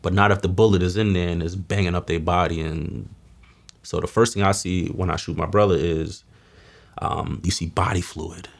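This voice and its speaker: A man recounts his past in candid, slangy street talk. His voice sits very low and gravelly, with plenty of fry. He often drops to a hushed, near-whispered tone when the story turns heavy. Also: fairly even intonation, moderate pace. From Mount Vernon, New York. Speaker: guest telling his life story. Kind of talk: candid testimony.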